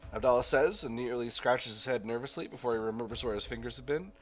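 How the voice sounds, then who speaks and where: Reading game text aloud and musing with halting restarts, this man hosts a gameplay video for his gaming channel in let's play style. He speaks fast at a medium pitch, pausing rarely, over soft background music.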